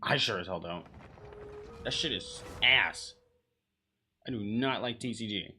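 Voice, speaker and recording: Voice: medium pitch, measured pace, bright, forceful tone, slight background noise. Profane, exasperated game streamer ranting. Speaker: streamer reacting to a game broadcast. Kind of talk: casual live-stream commentary.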